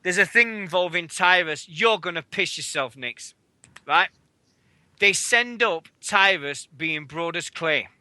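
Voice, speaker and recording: A high, piercingly bright British man rants excitedly about wrestling on a radio show. His talk is casual and full of swearing, recorded close and dry with no room sound. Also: no echo. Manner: swearing, excitable, fast ranting.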